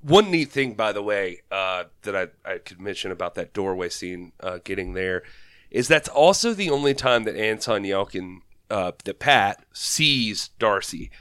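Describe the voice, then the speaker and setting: Easygoing low-voiced man chatting films. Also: lively intonation, unhurried, fairly bright tone, clean tone, no room sound, clean studio sound. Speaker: podcast co-host. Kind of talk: casual film discussion.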